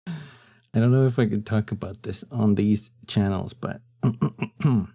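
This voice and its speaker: On a live stream, a young man chats casually in a deep, husky morning voice. He talks in a laid-back way, often trailing off into fillers, and his delivery is slow and warm.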